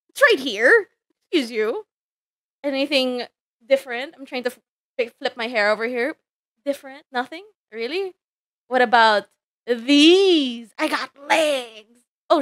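A woman's voice: a little high, expressive, measured pace, pauses often, fairly bright tone, no room sound. A young woman streaming live, chatty and giggly, laughing between lines. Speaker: virtual streamer.

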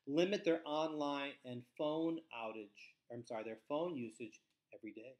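A middle-aged man giving a scripted training webinar for foster care staff, speaking in a measured, emphatic way with falling sentence endings. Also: medium pitch, a little mellow.

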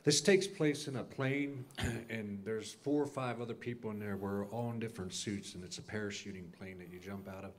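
A man in a church class recounting a long dream in detail, acting out the lines of the people in it and clearing his throat often. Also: on the low side, steady tone, moderate pace, few pauses, slight background noise. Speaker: class member sharing a dream.

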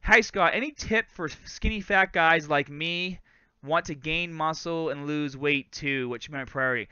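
A man's voice: a little high, unhurried, sharp tone, clean tone, no echo, dull audio. A man in his thirties from Massachusetts with a light Boston accent, hosting a casual live fitness Q&A, chatty and laughing often. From Lawrence, Massachusetts. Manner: chatty, laughs often, says "bro" and "guys". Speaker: fitness host. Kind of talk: live stream Q&A, casual chat.

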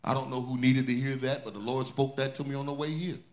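A man's voice: medium pitch, flat delivery, fast. A male pastor preaching a sermon, building intensity through repeated refrains.

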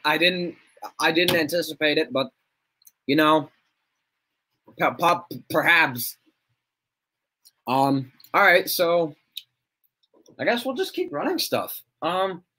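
Young male streamer, casual rambly chat with frequent laughs; bright, slightly high voice. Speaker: livestreamer.

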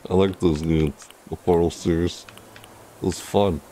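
A man streaming a game, chatting casually and rambling with jokes, sometimes breaking into loud high squeals. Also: steady tone, unhurried, a little hiss or hum. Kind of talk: casual gameplay commentary.

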